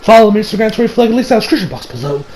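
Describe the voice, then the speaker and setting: A man's voice: sits high, very animated, rapid-fire, a little mellow, a little hiss or hum, low-quality recording. A man casually recapping an episode, rambling with lots of fillers and restarts and the odd swear. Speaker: anime reviewer.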